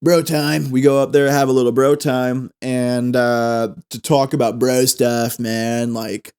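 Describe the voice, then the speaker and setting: A man's voice: mid-range voice, little pitch movement, a little slow, a little mellow, smooth. A man hosting a podcast, telling a comic story in a rambling way, restarting his words and dropping jokey asides. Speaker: podcast host. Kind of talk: comedic storytelling.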